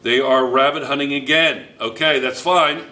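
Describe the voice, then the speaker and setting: A man's voice: mid-range voice, fairly even intonation, normal speed, bright, forceful tone, reverberant. A man teaching a chemistry class, playful and joking, repeating phrases to his students. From United States.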